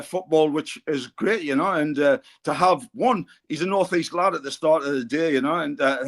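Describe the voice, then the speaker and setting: A middle-aged man with a Geordie accent, chatting casually on a football podcast and telling rambling anecdotes full of fillers and restarts. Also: a little high. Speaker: pundit on a football fan podcast. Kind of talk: casual chat.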